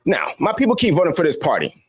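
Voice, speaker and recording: A man delivering a scolding, preachy commentary monologue full of rhetorical questions. His voice sits a bit high and swings widely up and down as he presses each point. The sound is dry and close, with no room around it. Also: huge pitch swings, fast, breathy edge, no room sound. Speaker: political commentator. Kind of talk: opinion monologue to camera.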